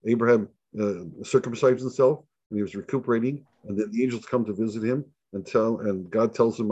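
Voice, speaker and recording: He talks briskly with few pauses, his lowish voice slightly rough, in a dry recording that sounds dull and lo-fi. The man is a rabbi teaching Torah informally, an animated narrator who dramatizes the dialogue and repeats lines a lot.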